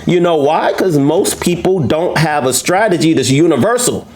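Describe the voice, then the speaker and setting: A man teaching trading to viewers in a live lesson, brash and boastful, challenging his audience and jumping up in pitch for emphasis. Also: moderate pace. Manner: animated, swoops up into high pitch for emphasis.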